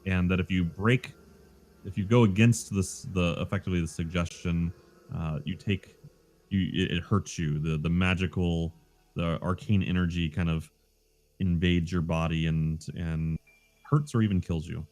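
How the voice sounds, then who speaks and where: Low-voiced male game master. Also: fairly even intonation, a little mellow. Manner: halting, lots of fillers. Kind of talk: narrating a tabletop game.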